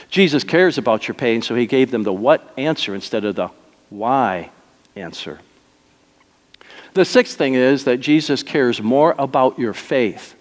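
A male pastor preaching a sermon, moving between soft, slow lines and emphatic, raised ones. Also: medium pitch, lively intonation. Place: church sanctuary. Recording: long reverb of a church hall.

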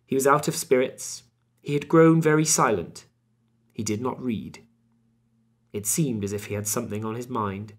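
A man narrating a classic novel as an audiobook in a measured, steady way. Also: mid-range voice.

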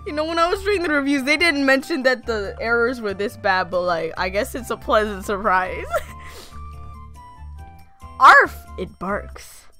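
A woman commentating her own gameplay, reacting loudly and giggling, sometimes voicing the characters. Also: fairly high pitch, moderate pace, soft background music. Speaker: gamer. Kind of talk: let's play commentary.

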